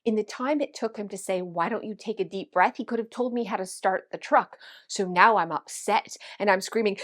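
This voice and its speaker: A woman, a vlog host telling a story to camera in an animated, dramatic way and acting out the quotes. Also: medium pitch, a little fast, few pauses.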